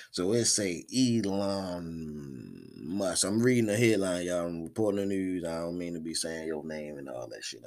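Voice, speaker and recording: A man's voice: sits low, expressive, normal speed, darkish tone. A man hosting a podcast in a casual, rambling way, often repeating his words. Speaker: podcast host.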